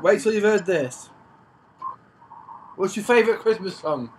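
A man's voice: high-pitched, expressive, a little slow. An English man bantering cheekily on a video chat, teasing and joking. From England. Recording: noisy webcam chat audio.

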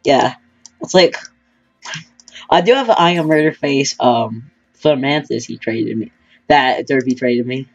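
A man's voice: mid-range voice, expressive, measured pace, long pauses, dull audio, soft background music. A teenage boy chatting casually with a friend while playing a game, joking and trash-talking, his voice cracking often. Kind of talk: casual gaming chat.

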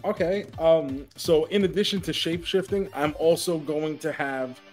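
A man's voice: a little high, moderate pace, darkish tone, soft background music. A man co-hosting a casual podcast, joking around easily and reading out the show's closing plugs. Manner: easygoing, joking, wraps up the show with plugs. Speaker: podcast co-host. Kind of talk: casual chat.

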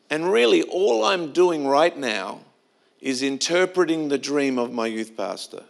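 A man's voice: on the high side, expressive, unhurried, gravelly. A middle-aged man preaching a sermon in a church, telling stories in a conversational way with frequent restarts. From Australia. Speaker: pastor.

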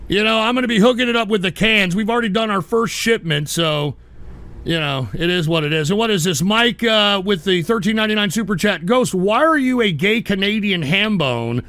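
A man's voice: high voice, fairly quick, sharp tone, no echo. A man hosting a live stream, reading chat aloud and ranting at trolls in an exasperated way.

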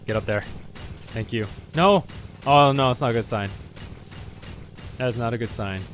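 A man's voice: on the low side, normal speed, faint music behind. A man giving let's play commentary on a game, swearing often and yelping at enemies. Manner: profane, excitable, yelps at enemies. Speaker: gamer.

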